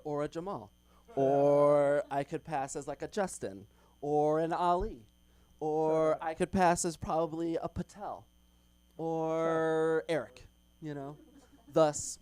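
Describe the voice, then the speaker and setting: A man's voice: fairly high pitch, darkish tone, clean tone, no room sound. A young man doing open mic stand-up in a comedy club, chatty with lots of ums and little laughs.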